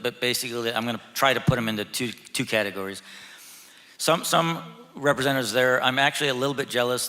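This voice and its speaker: Man, earnest, halting delivery, many restarts, panel talk, long church-hall echo. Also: medium pitch, pushed and bright. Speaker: state representative on a church panel. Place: large church hall, live audience.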